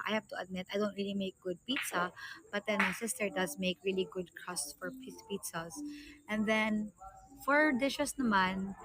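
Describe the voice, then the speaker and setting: There's slight background noise as a young woman from the Philippines talks casually on her livestream, her Filipino-accented English easily mixed with Tagalog. Her medium-pitched voice has a bit of brightness, and she comes across as chatty.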